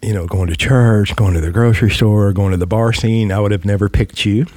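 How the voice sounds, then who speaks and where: A man's voice: fairly low pitch, fairly even intonation, brisk, a little mellow, no echo. A man from Texas with a Southern drawl, chatting casually in a joking, affectionate way about how he met his wife. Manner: joking, affectionate, laid-back. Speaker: co-host telling how the couple met. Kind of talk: casual chat.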